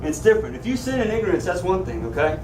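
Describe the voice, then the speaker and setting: A man leads a Sunday school class with lively, joking energy and keeps asking his students questions. His voice sits high for a man. He is recorded from some distance in a roomy, echoey church classroom. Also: quick pace, background noise. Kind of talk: teaching a Bible class.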